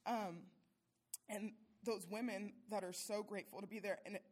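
A breathy-voiced woman tells a church group about a mission trip. She talks in a warm, tearful way, laughing often and stopping herself from crying. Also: mid-range voice, fairly even intonation, normal speed. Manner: tearful, laughing between phrases. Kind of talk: emotional testimony.

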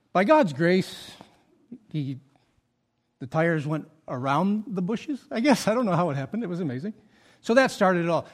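Animated high-voiced male pastor preaching. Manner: animated storytelling with acted quotes and asides; drops soft and low for confessions. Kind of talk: sermon.

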